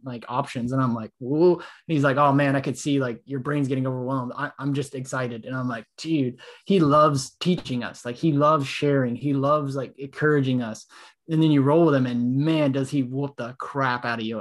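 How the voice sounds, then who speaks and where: Chatty man telling stories, full of "like". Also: mid-range voice. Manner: animated storytelling, lots of "like", acts out quotes. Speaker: podcast co-host. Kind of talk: casual chat.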